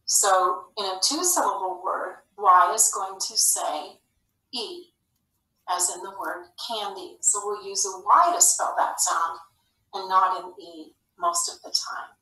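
A woman teaching a phonics lesson to young children, speaking slowly and clearly with an encouraging classroom manner. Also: medium pitch, lively intonation, sharp tone. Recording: echoey room, slightly far from mic.

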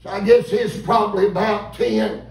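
A man, preaching a revival sermon in a folksy, animated storytelling way and calling out to the congregation. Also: high-pitched, moderate pace, vocal fry. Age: 50s. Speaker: visiting preacher. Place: church sanctuary. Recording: echoey church room, mic at a distance.

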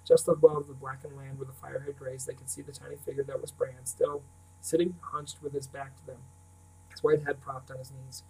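A man reads a novel aloud in a steady, unvaried voice of middling pitch. He sits some distance from the microphone, so the sound is a little remote. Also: a little fast, slight background noise. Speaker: reader. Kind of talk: audiobook narration.

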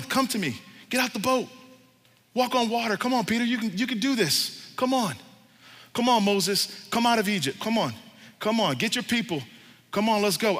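Sermon bit: pastor putting on an eager, coaxing God voice, lifted higher and bright, long hall reverb. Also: male voice. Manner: coaxing, repeats "come on". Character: encouraging God calling people to come.

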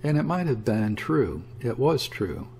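A man's voice: medium pitch, very animated, a little slow, darkish tone, slightly rough, full character voice. A man voicing a nervous, pleading, tender-hearted young woman. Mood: anxious.

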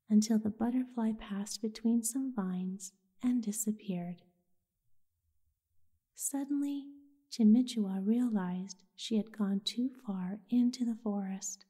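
A woman with a breathy, half-whispered voice, softly narrating a soothing bedtime story. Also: mid-range voice, slow. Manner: soft, half-whispered delivery.

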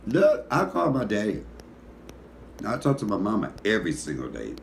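A man's voice: fairly low pitch, wildly swooping pitch, normal speed, vocal fry, slight background noise. A middle-aged man with a Detroit accent, a comedian hosting his cooking show, rambling sleepily with profane comic stories. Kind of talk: casual talk to camera.

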